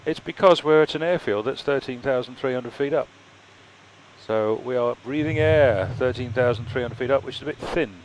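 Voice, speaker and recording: A man at the controls of a home flight simulator, talking casually and explaining with a dry, joking edge. His voice sits at a middle pitch, with faint background noise behind him. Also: moderate pace, low-quality recording. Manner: joking, explains things wryly. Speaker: simulator pilot. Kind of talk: casual chat while flying a home simulator.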